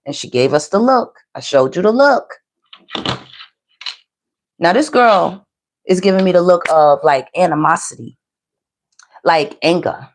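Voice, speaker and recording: A woman's voice: fairly low pitch, animated, unhurried, long pauses, a little hiss or hum. A woman hosting a commentary video who stresses her points by repeating phrases. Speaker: tarot and celebrity commentary host. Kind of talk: commentary over played clips.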